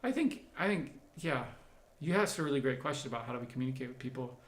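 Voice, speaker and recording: Man, doctor, live Q&A host, mid-pitched, conversational explanations, roomy echo. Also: animated, fast. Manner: conversational, explanatory, thinks aloud while answering. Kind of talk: livestream Q&A, reading and answering viewer comments.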